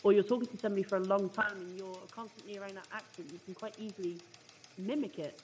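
A woman's voice: mid-range voice, fairly even intonation, fast talker, darkish tone, a little hiss or hum. A woman co-hosting a casual talk show, musing aloud in a chatty way with an easy laugh. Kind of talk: casual chat.

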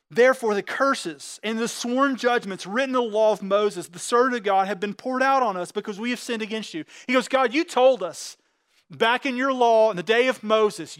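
A high-pitched man delivers a fervent sermon, putting scripture into plain everyday talk. His voice comes across close and dry, with no room sound around it. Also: a bit bright, no room sound. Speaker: pastor.

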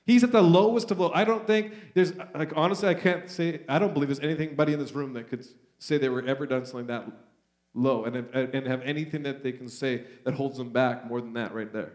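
A man with a Canadian accent preaching a sermon in a church, animated and conversational as he reads and retells scripture. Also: medium pitch, fairly quick. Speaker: pastor. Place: church sanctuary. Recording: roomy church echo.

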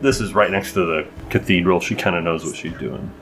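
A man's voice: deep voice, fairly quick, over music. A man narrating as game master in a casual, rambling way.

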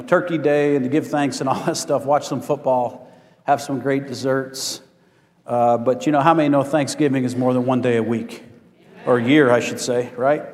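A man's voice: mid-range voice, long reverb tail. A male pastor preaching a sermon in a folksy way, asking for amens from the congregation.

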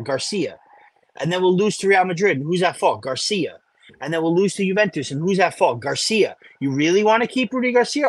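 A man's voice: on the high side, a bit bright, breathy edge, no room sound. A man co-hosting a sports podcast, ranting in casual chat and repeating himself for emphasis. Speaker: podcast co-host.

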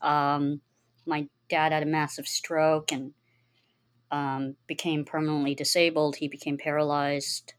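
A woman's voice: low-pitched, flat delivery, a little slow. A young adult woman candidly telling her life story in a casual, rambling way, with many fillers and quotes of her own past words.

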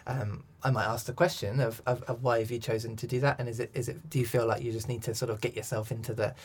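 Male coach, mid-pitched, thoughtful and rambling. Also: little pitch movement, fast talker. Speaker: accent coach and director. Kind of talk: interview conversation.

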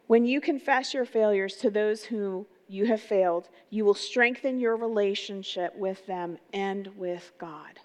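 A middle-aged woman pastor giving an energetic, conversational sermon, often putting rhetorical questions to her congregation. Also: medium pitch, a little slow, few pauses. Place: church sanctuary. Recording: long reverb of a large hall.

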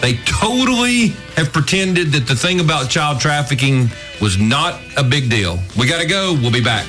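A male talk radio host who holds forth with firm opinions and leans into his points. His pitch sits mid-range, and soft music plays under him. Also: very animated, normal speed. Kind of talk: radio talk show chat.

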